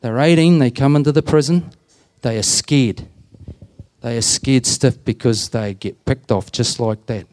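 Warm-voiced Australian prison chaplain. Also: male voice, mid-range voice, unhurried. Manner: plain-spoken, anecdotal, retells conversations with "I says". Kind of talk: storytelling talk to a group.

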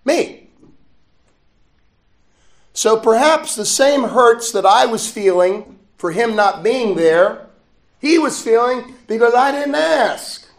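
Priest telling a personal story in a roomy church. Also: male voice, very high voice, lively intonation, slow, pauses often. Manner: personal storytelling, gentle, laughs often. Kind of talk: sermon.

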